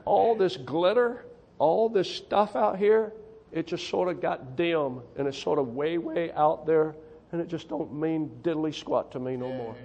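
High-voiced gravelly preacher man. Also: measured pace, warm tone, muffled recording. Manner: folksy, emphatic, repeats "I'm telling you". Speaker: missionary preacher. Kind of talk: testimony sermon.

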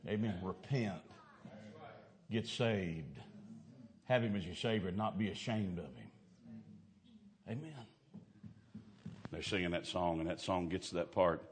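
A man preaching a fervent sermon, swinging from hushed asides to shouting. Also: low voice, unhurried, long pauses.

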